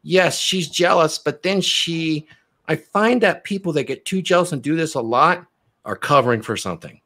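A man's voice: fairly high pitch, normal speed, sharp tone. Assertive man lecturing on dating. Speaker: host and dating coach. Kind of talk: casual chat.

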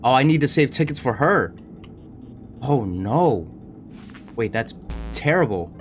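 Excitable, panicky young gaming streamer. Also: male voice, mid-range voice, measured pace, a little hiss or hum. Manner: excitable, panicky running chatter to viewers. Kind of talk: horror game let's play commentary.

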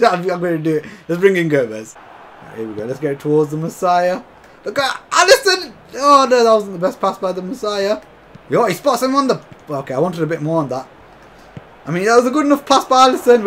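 A man giving excitable, chatty commentary over a football video game, often calling to his viewers as lads. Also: sits high, brisk, a little hiss or hum. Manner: chatty, keeps calling viewers lads, bursts into shouts and laughs. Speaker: gaming YouTuber.

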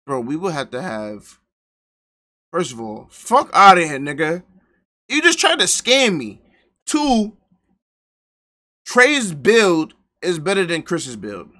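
A man hosting a live reaction stream, excitable and profane, bantering with his chat. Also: on the high side, slow pace, pauses often.

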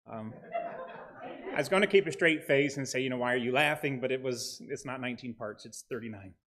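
A man's voice: mid-range voice, fairly quick, fairly bright tone. A middle-aged man preaching a sermon as pastor, earnest with a touch of dry humor, reading scripture passages aloud.

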